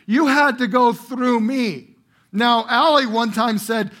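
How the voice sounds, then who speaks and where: A middle-aged pastor with a high, light voice preaches to his congregation in a church room. He punches key words loudly, then drops to near-hushed, slow phrases. His delivery is emphatic and conversational by turns. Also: lively intonation. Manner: emphatic preacher, strong swings from loud bursts to quiet drawn-out phrases. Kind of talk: sermon.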